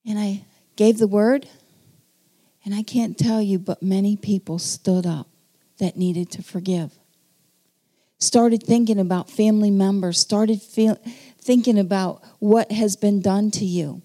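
A woman preaching a personal testimony to a congregation. Her voice is warm and mellow, and her pitch sits in a middle range. She speaks earnestly and pauses often as she tells her story. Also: fairly even intonation. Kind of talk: testimony sermon.

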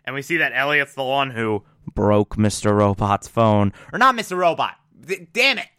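A man's voice: mid-range voice, sing-song, moderate pace, sharp tone, smooth. A man casually recapping a TV episode in a loose, conversational way, filling gaps with "like". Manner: loose, conversational with frequent "like" fillers.

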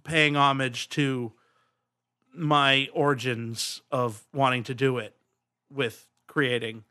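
A man's voice: medium pitch, fairly even intonation, takes it slowly, bright, forceful tone. A man hosting a casual podcast chat and running the game, rambling and easygoing with frequent chuckles.

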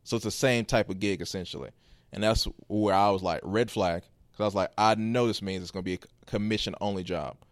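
A man hosting a podcast, telling a story casually in a rambling, animated way with quoted asides. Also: fairly low pitch, brisk, no room sound. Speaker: podcast host.

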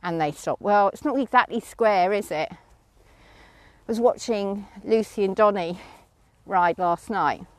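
A woman's voice: mid-range voice, unhurried, dry recording. A middle-aged woman chatting casually outdoors with horses, breaking off to call commands to a horse she is lunging. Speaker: horse owner vlogger.

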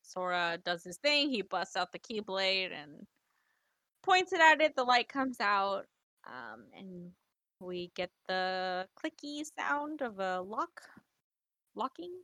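Slow, lively woman with a bright voice. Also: mid-range voice, no room sound. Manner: playful, giggly, swears casually. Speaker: podcast co-host. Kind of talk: casual chat retelling a game.

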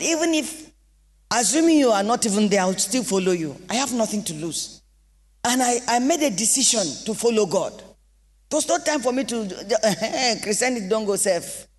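A Nigerian woman pastor delivering an impassioned sermon with sing-song rises and shouted exclamations in a church hall. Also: on the high side. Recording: long reverb of a large hall.

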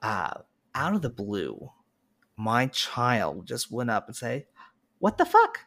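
A man guesting on a casual podcast, telling playful, animated stories. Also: on the low side, slow, creaky.

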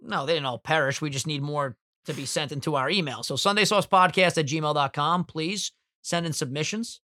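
A young man co-hosting a podcast, casual and profane, quick with jokes and bits. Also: fairly high pitch, bright, forceful tone, no room sound, studio quality. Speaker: podcast co-host.

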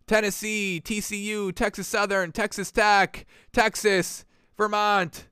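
Male sports host, high clear voice, excitable and chatty, dry close mic. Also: takes it slowly, dry recording. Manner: excitable, chatty, many fillers. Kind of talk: casual sports betting talk.

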